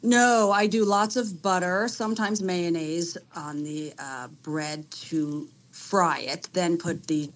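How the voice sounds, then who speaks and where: A woman's voice: fairly low pitch, fairly even intonation, slow, hardly any pauses. A woman calling in to a live show, chatty and easygoing in casual conversation. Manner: chatty, easygoing, laughs often. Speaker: caller, friend of the show. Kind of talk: casual chat.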